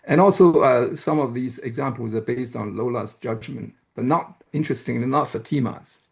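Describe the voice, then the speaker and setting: A man giving an academic lecture who explains step by step, pauses often and checks in with the audience. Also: mid-range voice, vocal fry, a little mellow. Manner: hesitant, with frequent "uh" and restarts. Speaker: university lecturer.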